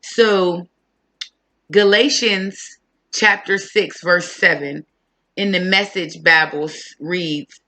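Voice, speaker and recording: Podcast host chatting about faith, bright clear voice, thinks out loud with lots of ums. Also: medium pitch, steady tone. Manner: reflective, thinking aloud with pauses. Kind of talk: casual faith talk.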